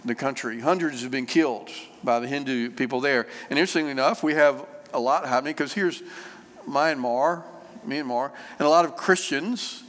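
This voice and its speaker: A man preaching a sermon, unhurried and conversational, with frequent fillers and repeated phrases. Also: mid-range voice, a bit bright. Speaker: pastor. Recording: long reverb of a church hall.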